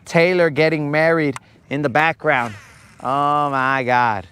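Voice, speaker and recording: Young male fishing-stream host, slow rambling jokester, a bit high-pitched, on a boat. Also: fairly even intonation, fairly bright tone, clean tone. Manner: rambling, joking, slow-paced. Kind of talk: casual live-stream chat. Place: on a boat on a lake.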